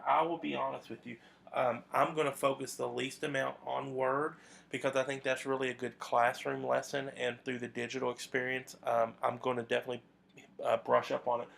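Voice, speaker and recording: A man's voice: mid-range voice, vocal fry, fairly bright tone. A man teaching a video math lesson to his students, talking conversationally with frequent fillers and restarts.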